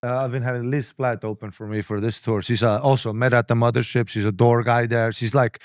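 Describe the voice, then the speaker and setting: A man's voice: medium pitch, little pitch movement, a little fast, smooth, no echo, clean studio sound. A man hosting a casual chat, telling long, crude, rambling stories. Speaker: podcast host.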